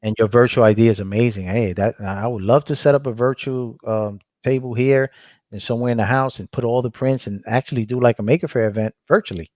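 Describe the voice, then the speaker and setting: A man's voice: medium pitch, steady tone, a little fast, no room sound. Enthusiastic man on dull, dry call audio. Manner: enthusiastic, stumbling restarts. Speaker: guest. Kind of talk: casual chat.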